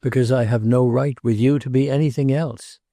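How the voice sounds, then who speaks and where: A man's voice: medium pitch, steady tone, moderate pace, warm tone, no room sound, natural voice. Give me a man voicing an earnest lovesick young decorator in a storybook reading, dry close sound. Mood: pleading.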